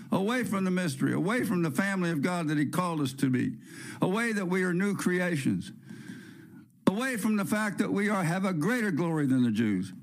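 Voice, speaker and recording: A man hosting a podcast, preaching in a fervent, emphatic monologue with repeated phrases and joking asides. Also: high-pitched. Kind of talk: impassioned sermon-style monologue.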